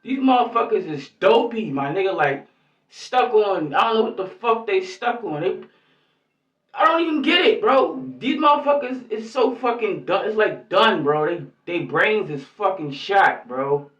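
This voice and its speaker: A man's voice: sits high, animated, moderate pace, a bit bright. Heated, profane man ranting in slang. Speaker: YouTube commentator. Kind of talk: angry vlog commentary. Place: lives in New York. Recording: echoey, distant, muffled lo-fi sound.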